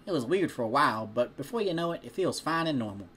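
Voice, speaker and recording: A bright, friendly young farm woman hands out apples with easy teasing warmth, as a man reads her lines aloud. The voice is pushed high and loud above the reader's own. It is a storybook read-aloud with faint background noise. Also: expressive, fast, lightly acted. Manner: raised, perky delivery without the intended twang.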